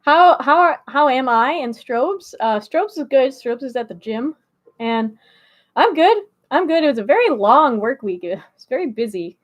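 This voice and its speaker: A woman chats casually on a relaxed live stream, answering her viewers one by one. Her voice sits high, and her manner is bubbly and friendly, with frequent laughter between lines. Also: measured pace. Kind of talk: casual chat reading a live chat.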